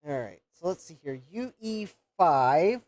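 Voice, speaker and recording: Slow, mellow-voiced man checking circuits. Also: on the high side, very animated, no echo. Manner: unhurried, muttering checks and counting pins aloud. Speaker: host of a retro computer repair livestream. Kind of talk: thinking aloud while probing a circuit board.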